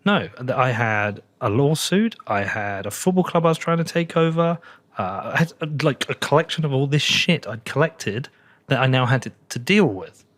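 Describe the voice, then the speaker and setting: A man hosts a podcast, opening up candidly about his life with casual swearing. His voice sits at an ordinary pitch for a man and is recorded dry, with no room echo. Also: lively intonation, normal speed, a bit bright. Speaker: podcast host. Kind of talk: casual interview conversation.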